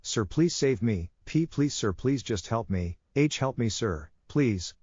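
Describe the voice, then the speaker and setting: A man's voice: mid-range voice, expressive, a little slow, darkish tone, slightly rough, no room sound. A man voicing a weeping stranger who begs over and over for help, in dull lo-fi audio. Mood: sobbing. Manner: desperate repetitive pleading. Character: weeping naked stranger, maybe not human.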